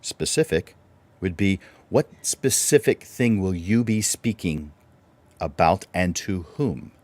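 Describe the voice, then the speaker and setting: A man's voice: low voice, expressive, slow pace, a little mellow. A man presenting a livestreamed speaking workshop, instructive and full of rhetorical questions.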